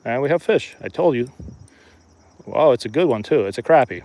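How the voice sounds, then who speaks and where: Man, relaxed fishing commentary, outdoors by a river, chatty. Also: mid-range voice, normal speed. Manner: relaxed, chatty, talks to viewers while fishing. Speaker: fishing streamer. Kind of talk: casual live-stream commentary.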